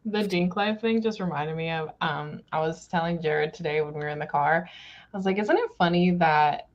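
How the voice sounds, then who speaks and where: A young woman with a lowish voice muses out loud while chatting with friends. She sounds thoughtful and relaxed. Her audio is dull and muffled. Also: normal speed. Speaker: friend in the chat. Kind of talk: casual chat.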